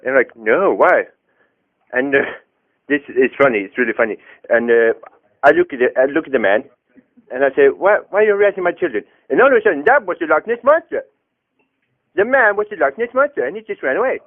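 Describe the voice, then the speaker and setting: A man's voice: on the high side, lively intonation, quick pace. Rambling man on a tinny phone line. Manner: hesitant, full of fillers and restarts. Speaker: prank caller. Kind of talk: rambling comic phone story.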